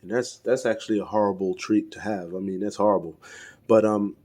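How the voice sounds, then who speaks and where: A man with a lowish, mellow voice talks through an action figure review off the cuff. He hesitates constantly, repeats himself and apologizes for mangling names. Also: fairly even intonation, fairly quick. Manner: rambling, hesitant, many fillers and restarts; self-deprecating, fumbles pronouncing names. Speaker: toy reviewer. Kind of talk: casual unscripted toy review.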